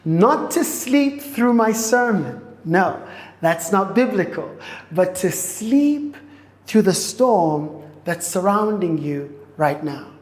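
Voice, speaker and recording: A woman pastor preaching a sermon in a church auditorium. She speaks in slow, repeated phrases and often restarts her sentences. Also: medium pitch, expressive. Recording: echoey hall with long reverb.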